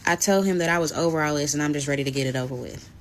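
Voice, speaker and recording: Speaking very fast in a low voice, this woman vlogger tells a personal story bluntly and casually. Her retelling is animated, with the occasional swear word.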